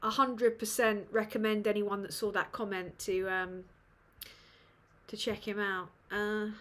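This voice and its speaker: A woman from northern England hosts a relaxed live Q&A stream, speaking at a measured pace in a medium-pitched, level, slightly bright voice. Her talk wanders, with plenty of swearing and self-mockery.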